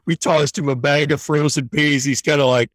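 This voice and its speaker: A man tells a story in a relaxed, chatty way on air. He jumps into the people he quotes. The sound is dry and close, with no room echo. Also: fairly high pitch, normal speed. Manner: animated storyteller, acts out quotes. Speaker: guest running horse programs for veterans.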